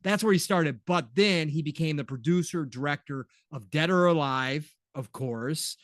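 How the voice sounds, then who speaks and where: An enthusiastic man co-hosts a casual gaming podcast, and his voice sits a touch higher than most men's. The sound is dry and close, with no room around him. He chimes in with quick agreement and talks over his partner. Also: no room sound. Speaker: podcast co-host.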